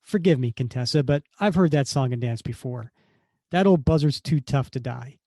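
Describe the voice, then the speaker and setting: A man's voice: mid-range voice, moderate pace, warm tone, no echo, studio quality, close to an everyday voice. A man reading the lines of a blunt, defiant soldier hero in his own voice.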